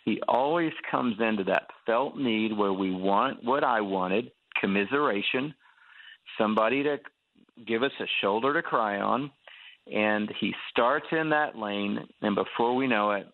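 A man who is a pastor and guest tells a story in an animated preaching style and acts out the quotes, heard over a tinny phone line. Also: fairly low pitch, measured pace.

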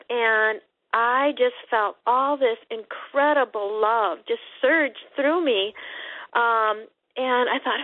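Phone-in guest, woman, fairly high voice, halting and full of fillers, tinny line, dry. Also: no echo. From Montana. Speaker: guest on a recovery radio show. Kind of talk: telling a personal story on the phone.

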